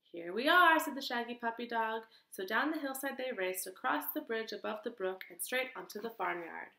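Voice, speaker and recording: A woman teacher reading a picture book aloud to children in an expressive, sing-song way. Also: on the high side, moderate pace, gravelly. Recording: echoey room.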